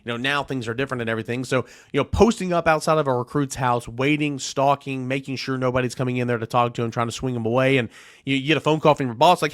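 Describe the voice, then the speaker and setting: A man hosting a sports podcast, retelling a recruiting story in an animated way and acting out the quotes. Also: mid-range voice, fast talker, no echo, clean studio sound. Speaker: podcast host. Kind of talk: casual sports podcast monologue.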